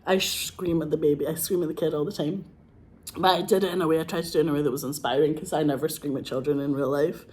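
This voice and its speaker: A Scottish woman, an actress, talking casually and excitedly, gushing and swearing, with a frog in her throat. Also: sits low. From Scotland. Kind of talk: casual monologue.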